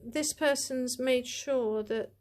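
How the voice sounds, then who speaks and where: Woman, slightly high pitch, chatty, gushing, rambling, tarot deck review. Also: slow pace, darkish tone. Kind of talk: casual deck review to camera.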